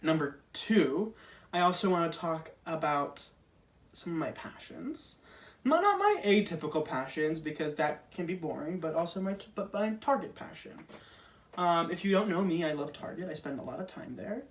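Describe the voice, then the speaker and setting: A man's voice: fairly high pitch, expressive, moderate pace, far from the mic. A young man performing a casual stand-up monologue, chatty and self-deprecating with lots of fillers. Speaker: stand-up comedian.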